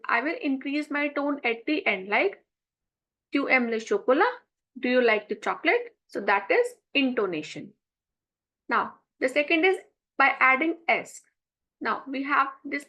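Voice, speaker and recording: High, bright-voiced woman teaching French. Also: rough recording. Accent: Indian English. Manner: explains step by step, reads French then translates. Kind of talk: online language lesson. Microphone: screen-share recording.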